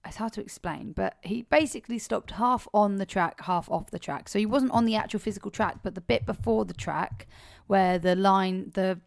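A woman's voice: medium pitch, normal speed, vocal fry, few pauses, no room sound, clean studio sound. A woman co-hosting a podcast, casually and animatedly retelling a story with frequent swearing. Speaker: podcast co-host.

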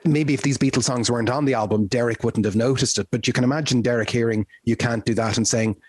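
A man's voice: medium pitch, fairly even intonation, fast, a little mellow, slightly rough, no room sound. A man co-hosting a casual chat about music history, conversational and asking leading questions. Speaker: podcast co-host.

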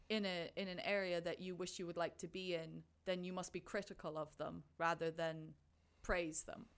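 A young woman in casual conversation about a film, chatty and animated, acting out her own thoughts in quotes. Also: fairly low pitch, clear, resonant tone.

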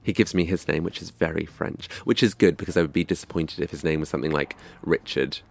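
A man's voice: extremely low pitch, fast, creaky. A young man from England telling a scripted comic story in a wry, dry, self-mocking way. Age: young adult.

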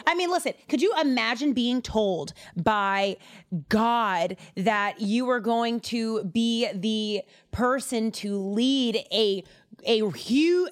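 A young woman hosts a podcast and retells a Bible story in a chatty, slangy way. Her voice sits on the higher side and moves up and down a lot. The sound is dry and close. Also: dry recording. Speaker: podcast host.

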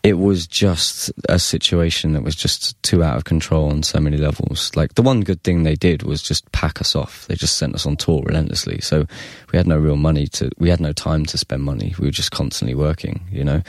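A man's voice: very deep voice, a little fast, hardly any pauses, no room sound, clean studio sound. A man, a musician telling stories in a casual interview, rambling, swearing and laughing. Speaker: musician guest.

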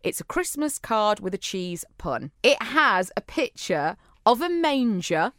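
Giggly woman, lively voice. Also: mid-range voice, unhurried. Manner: playful, giggly, teasing. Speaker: podcast co-host. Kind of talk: casual chat.

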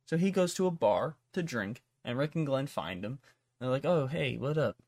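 A man's voice: mid-range voice, very animated, normal speed, a little mellow, no echo, studio quality. A man hosting a podcast, rambling through a casual plot recap full of swearing and fillers. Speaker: podcast host. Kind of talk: casual chat.

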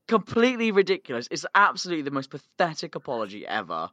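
Bright-voiced British podcast host. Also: male voice, a little high, fast talker, hardly any pauses, no echo, dull audio. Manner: animated, swearing, laughing storyteller. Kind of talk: casual podcast chat.

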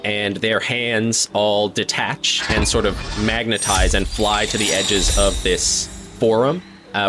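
A man with a fairly low voice runs a tabletop game, describing the action at an unhurried, deliberate pace. He laughs often between his descriptions. Soft music plays faintly underneath. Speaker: game master.

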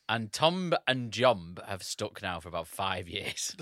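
A man's voice: on the low side, very animated, slow, a bit bright, no echo, studio quality. A man co-hosting a podcast, telling stories in a wry, self-deprecating way. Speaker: podcast co-host. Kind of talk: casual comedic chat.

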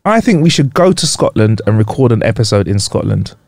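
A man's voice: on the low side, brisk, gravelly, no echo. A man co-hosting a podcast, joking around in casual chat. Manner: joking, playful, animated. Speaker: podcast co-host.

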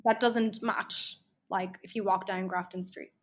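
An Irish woman in her thirties chats casually on a podcast, telling animated stories packed with fillers and restarts. Her voice sits at a medium pitch and she takes her time.

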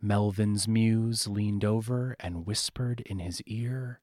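A man from Atlanta, hosting a podcast, narrating in a clear, conversational storytelling manner. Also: fairly low pitch, steady tone, takes it slowly, hardly any pauses, darkish tone. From Atlanta, USA. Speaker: podcast host. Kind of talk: scripted narration.

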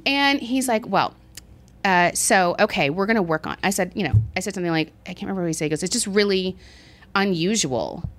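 Woman podcast co-host, chatty and animated, mid pitch, acts out every quote. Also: a little fast. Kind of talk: casual chat.

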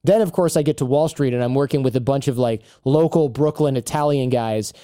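A man's voice: mid-range voice, fairly quick, smooth, dry recording, clean studio sound. A man in his thirties, a guest on a podcast, chatting casually and acting out quotes as he tells stories. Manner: animated storyteller who acts out quotes. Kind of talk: casual interview chat.

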